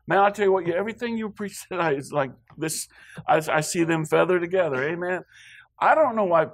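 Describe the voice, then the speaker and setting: A man's voice: sits high, brisk, creaky. A guest preacher from Wyoming, a man rambling with joking asides in a church sermon before reading scripture.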